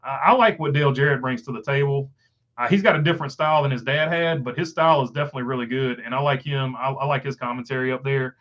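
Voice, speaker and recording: A man's voice: mid-range voice, fast talker, fairly bright tone, lo-fi sound. A man with a Southern country accent hosting a casual live stream, reading viewer comments with lots of "uh" fillers. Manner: filler-heavy, rambling, frequent uh.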